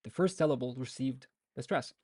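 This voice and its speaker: A man teaching a live online beginner lesson, patient and informal, repeating example words slowly many times. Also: medium pitch, breathy edge, dry recording, clean studio sound. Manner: relaxed and informal, with fillers and restarts. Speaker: Arabic teacher.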